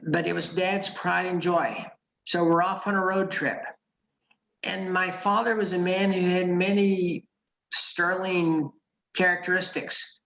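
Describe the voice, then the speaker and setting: A middle-aged man giving a club speech and telling a personal story in a measured, wry way with dry asides. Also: a little high, a bit bright. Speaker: club speaker. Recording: roomy echo.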